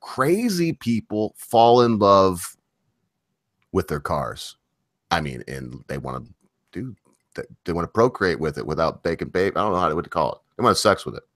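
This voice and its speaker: A man hosting a casual live stream chat. He has a very low voice and rambles from one tangent to the next. The sound is dry and close. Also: big pitch swings, moderate pace, a bit bright, dry recording. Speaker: host.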